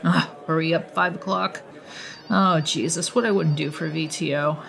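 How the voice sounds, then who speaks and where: A woman narrating her own audiobook in first person, expressive and conversational. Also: normal speed, vocal fry. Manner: expressive, swings pitch widely for dialogue.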